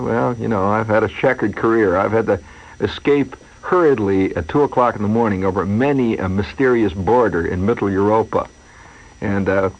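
A man hosting a radio show, rambling through a wry comic monologue full of asides and digressions. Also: lowish voice. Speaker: radio host. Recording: dull lo-fi radio broadcast.

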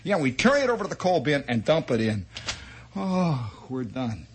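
A man telling a comic childhood story as a monologue, animated and chatty, with asides and mouth sound effects. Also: on the high side, normal speed, slight background noise. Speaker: radio storyteller.

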